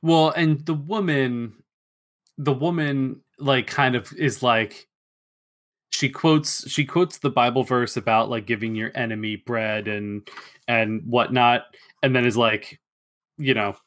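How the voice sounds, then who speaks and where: A podcast co-host with a medium-pitched voice talks a little slowly as he casually retells scenes from an old film. His retelling is relaxed, and he acts out lines from the scenes.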